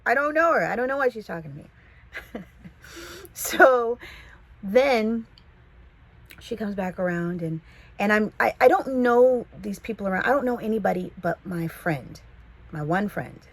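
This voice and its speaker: A woman from the San Fernando Valley with a Californian accent, telling a casual storytime vlog in a chatty, animated way. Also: mid-range voice, a little slow, pauses often, slightly rough, low-quality recording. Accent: Californian English. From Los Angeles, the Valley. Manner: chatty, animated, quotes people in voices.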